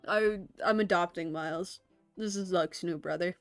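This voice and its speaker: A woman streamer giving casual, gushing commentary with quick asides and swearing while playing a game. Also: lowish voice, no room sound, faint music behind.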